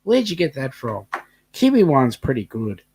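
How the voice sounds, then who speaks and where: A man's voice: medium pitch, wildly swooping pitch, moderate pace, a little mellow, breathy edge. A man co-hosting a casual live stream, reading out viewer comments with a joking, bantering manner. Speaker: livestream co-host.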